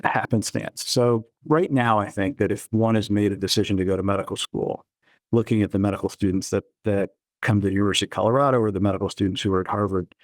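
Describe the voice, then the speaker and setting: A middle-aged man telling stories from his career in a relaxed, anecdotal way during an interview. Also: lowish voice, fast, no echo. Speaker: guest, chief innovation officer. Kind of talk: storytelling interview answers.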